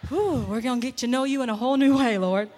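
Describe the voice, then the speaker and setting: A woman preacher delivering a humorous, emphatic sermon with laughter and shouted points, heard with a long echo in a church sanctuary. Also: on the high side, fast. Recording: long reverb in a large hall.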